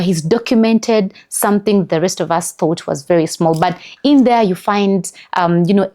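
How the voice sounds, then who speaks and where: Her voice is fairly low in pitch and a little mellow. As host, this middle-aged Ugandan woman with a Ugandan English accent gives an earnest, emphatic wellness talk meant to motivate, peppered with "you know" fillers.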